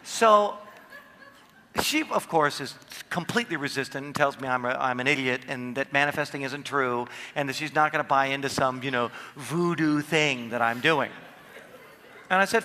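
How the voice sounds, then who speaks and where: A man giving a motivational seminar talk, animated and playful, acting out quotes in his stories. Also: fairly high pitch, a little fast, long reverb tail. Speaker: seminar speaker. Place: large hall with audience.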